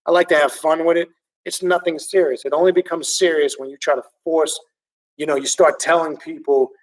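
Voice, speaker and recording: A man hosting a livestream, reading viewer comments and ranting in an excitable, animated, profane way. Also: a little high, moderate pace, recorded from a distance, rough recording. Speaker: occult channel host reading viewer comments.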